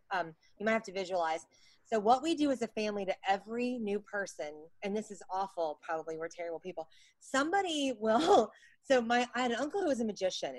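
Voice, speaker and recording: A middle-aged woman spins funny, self-mocking stories as a podcast guest. Her voice sits a little high and swoops widely as she acts out every quote. The sound is dry and close. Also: no echo. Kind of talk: casual storytelling chat.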